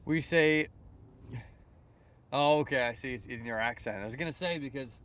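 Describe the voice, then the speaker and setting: A young fishing livestreamer with a Canadian accent speaks at normal speed in a mid-range voice, with long pauses. Outdoors by the water at sunrise, he reads chat messages aloud and answers them casually, with frequent fillers.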